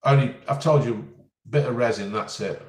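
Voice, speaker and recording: A man's voice: medium pitch, moderate pace, darkish tone. A man answering viewers' questions in a casual live stream, blunt and jokey as he reads out each question. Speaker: vlogger answering live chat. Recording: roomy and distant from the mic.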